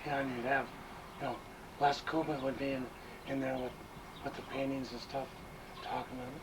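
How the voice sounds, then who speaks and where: A man casually reminiscing with friends, rambling and halting as he remembers. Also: mid-range voice, level tone. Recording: noisy home recording.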